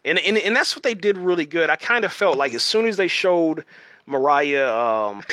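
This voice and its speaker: He sounds a little high and sharp, animated at a moderate pace, with clean, echo-free studio-quality sound from a home streaming setup. As a video host, he gives rambling, casual takes on a TV series, stumbling through fillers and restarts and tagging lines with "man."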